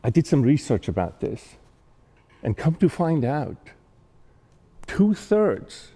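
Man, mellow warm voice, earnest storytelling talk, restarts often, reverberant hall. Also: mid-range voice. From not American-born. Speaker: speaker giving a talk.

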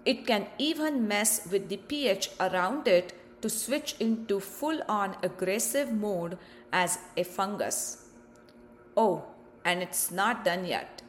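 A woman host talks listeners through a health topic in a scripted, explanatory way, often turning to them with rhetorical questions. Her delivery is slow and measured at an ordinary mid-range pitch. A light hiss of background noise runs beneath her voice.

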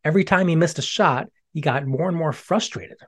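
A gentle children's storybook narrator with an expressive manner and a mid-range voice. The reading is warm in pace and clear for young listeners. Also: medium pitch, brisk.

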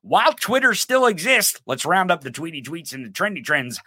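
A man hosting a podcast, giving profane, mocking political commentary in an animated way. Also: a little high, normal speed. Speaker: podcast host.

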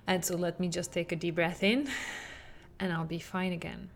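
Gravelly-voiced woman podcast host. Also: on the low side, moderate pace, soft background music. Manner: animated, acts out quotes with laughs. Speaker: podcast host, parenting coach. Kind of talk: podcast monologue.

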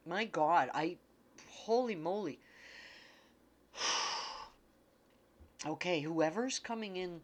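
Tearful woman spiritual speaker, low voice, unhurried and halting, emotional, repeats herself. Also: lively intonation. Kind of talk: unscripted spiritual talk.

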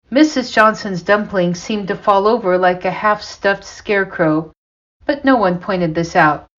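Woman storyteller, unhurried, measured; dull lo-fi recording. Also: mid-range voice. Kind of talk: story narration.

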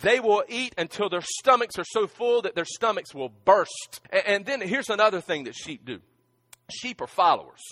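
A man preaching a sermon in an emphatic way, often restarting and stammering over his words, and sometimes dropping to a hushed voice. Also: sits high, animated, moderate pace. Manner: drops to a hushed, near-whispered voice at emotional moments. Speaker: pastor.

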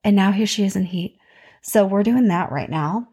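A woman in her thirties hosting a podcast, chatting casually about her week in an animated storytelling voice that jumps up in pitch when she gets excited. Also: moderate pace, husky. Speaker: podcast host.

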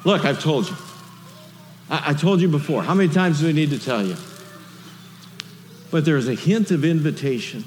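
Animated preacher in an echoey hall. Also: male voice, on the high side, moderate pace, pauses often, slight background noise. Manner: animated, conversational preaching with rhetorical questions. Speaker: pastor. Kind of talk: sermon.

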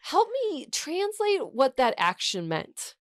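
Young woman co-host, casual chat, animated storyteller, mid pitch, dry close mic. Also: slow pace, no echo. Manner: animated storyteller, acts out quotes. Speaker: podcast co-host.

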